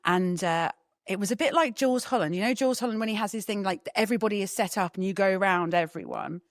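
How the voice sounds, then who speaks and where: A woman guest chatting casually in an interview, an animated storyteller who laughs often. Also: mid-range voice, fast talker, no echo, clean studio sound. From England.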